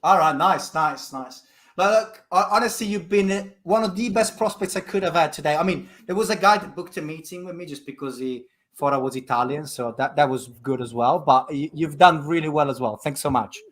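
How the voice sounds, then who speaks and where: A man talking through a headset with a voice a little higher than most men's. He banters and jokes, mocks himself and moves briskly between chatter and a sales pitch. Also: fairly bright tone. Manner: joking, fast-talking, self-mocking. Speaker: sales trainer cold calling on a stream. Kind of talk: casual banter and sales calls.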